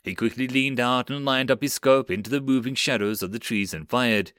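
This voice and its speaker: A man reading a web novel audiobook in an animated narration style. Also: medium pitch, fairly quick, no room sound, clean studio sound.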